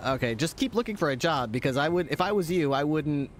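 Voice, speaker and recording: A man's voice: a little high, animated, quick pace, a little hiss or hum. A man streaming full time, chatting candidly and self-deprecatingly with his audience, breaking into laughs. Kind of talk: casual stream chat.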